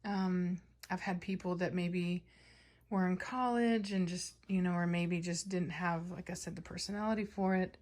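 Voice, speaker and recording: A woman's voice: lowish voice, fairly even intonation, normal speed, darkish tone. A woman dog breeder and trainer talking casually to her viewers in a chatty, rambling way. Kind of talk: casual vlog talk to viewers.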